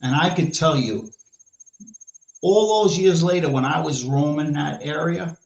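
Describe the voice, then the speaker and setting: A man's voice: fairly high pitch, measured pace, vocal fry. A man with a New York accent ranting brashly and profanely as a podcast host in casual chat. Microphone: live stream mic. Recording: echoey lo-fi room sound.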